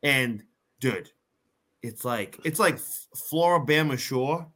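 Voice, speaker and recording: A man's voice: mid-range voice, animated, slow pace, fairly bright tone. A man co-hosting a podcast in casual chat, joking, swearing freely and trailing off with fillers. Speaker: podcast co-host.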